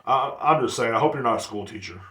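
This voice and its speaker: A man's voice: mid-range voice, lively intonation, quick pace, pushed and bright, distant mic. Blunt rambling man in an echoey room. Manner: rambling, blunt, profane, with slang like "bro". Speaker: podcast host. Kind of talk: casual solo rant.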